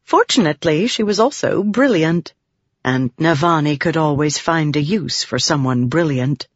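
Audiobook narrator, measured fantasy reading, dry, slightly dull sound. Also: mid-range voice, expressive, no echo.

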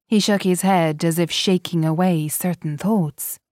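A woman narrating a novel in an even, deliberate storytelling manner. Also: lowish voice, dry recording, clean studio sound. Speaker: audiobook narrator. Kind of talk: scripted narration.

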